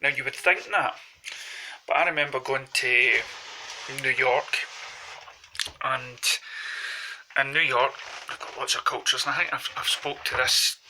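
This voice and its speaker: Sharp-toned Glaswegian man chatting. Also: mid-range voice, fairly even intonation, a little slow, long pauses, a little hiss or hum, rough recording. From Glasgow, Scotland. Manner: rambling, anecdotal. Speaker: vlogger. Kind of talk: casual chat to camera.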